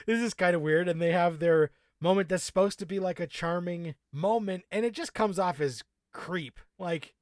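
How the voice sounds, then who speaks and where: A man's voice: high-pitched, dry recording, clean studio sound. Sarcastic, swearing male podcast co-host. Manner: profane, sarcastic, laughs often. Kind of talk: casual chat.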